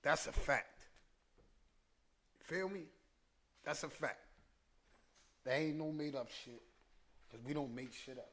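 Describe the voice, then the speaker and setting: A man with a slightly high voice tells a personal story on his podcast, heavy on street slang and repeated lines. He sounds emotional and close to choking up as he talks. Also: takes it slowly, long pauses, fairly bright tone, slight background noise. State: emotional, choked up. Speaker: podcast host.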